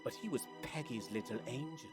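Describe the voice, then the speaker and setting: Game role: man voicing a gruff, put-upon husband, mid-pitched, grumbling. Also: animated, fairly quick, a little mellow, faint music behind, natural voice. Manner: gruff and sardonic. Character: weary, grumbling middle-aged husband. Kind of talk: video game voice acting.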